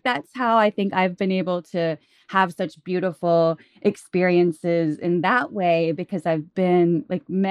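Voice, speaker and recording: A woman's voice: lowish voice, no room sound. Middle-aged woman, podcast guest, dry close sound, chatty, loose. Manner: chatty, fillers, laughs often. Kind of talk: casual interview chat.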